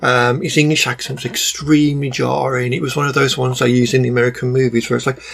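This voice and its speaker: A man with a broad Black Country accent and a gravelly, creaky voice at a middling pitch. He talks bluntly and casually, piling up ums and exasperated asides as he rambles through a film review. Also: level tone, fast, a bit bright.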